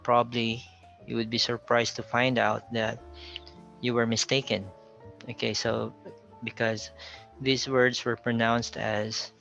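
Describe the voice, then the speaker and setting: A Filipino man gives a careful pronunciation lesson in a slow, flat delivery, repeating each word to contrast how it sounds. His voice is bright and gravelly. The recording is a little dull, with soft music underneath. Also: medium pitch. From Philippines. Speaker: teacher.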